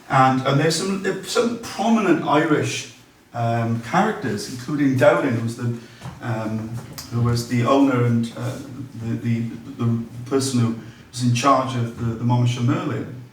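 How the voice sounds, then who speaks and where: Slight background noise accompanies this man, a local history speaker with a mid-range voice and moderate pace. Addressing an audience in a large echoey room, recorded from a distance, he delivers a conversational public history talk, reading quotations between ums and restarts.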